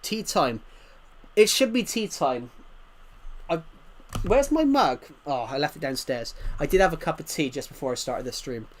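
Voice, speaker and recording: A man's voice: fairly high pitch, lively intonation, moderate pace. Chatty young British streamer man. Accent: thick rural British. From United Kingdom. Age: 20s. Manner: rambling and chatty, talks to chat. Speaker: game streamer. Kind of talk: casual live-stream chat.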